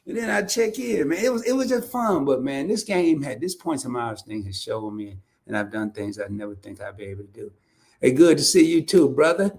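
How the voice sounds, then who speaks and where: A man from Arkansas hosts a casual livestream, telling stories with animation, laughing, and restarting himself again and again. His voice is mid-range and creaky, and he talks a little fast.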